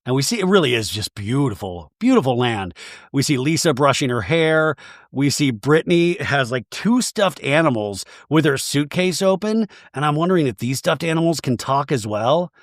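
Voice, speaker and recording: A man's voice: mid-range voice, expressive, normal speed, no echo, studio quality. A man hosting a comedy podcast, recapping a reality show in a playful, jokey way. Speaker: podcast host.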